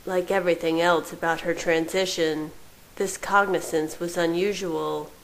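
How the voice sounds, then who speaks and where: Slow, soft-spoken female story reader. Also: on the low side, steady tone, rough recording. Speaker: fan fiction reader. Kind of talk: storybook narration.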